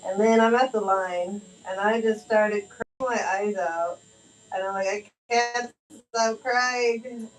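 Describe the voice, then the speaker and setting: A woman casually telling animated, rambling stories and laughing through them, her speech full of "like.". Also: mid-range voice, a little slow, recorded from a distance, low-quality recording. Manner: animated storyteller, lots of "like" and laughing asides. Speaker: client chatting during tattoo. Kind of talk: casual chat, storytelling.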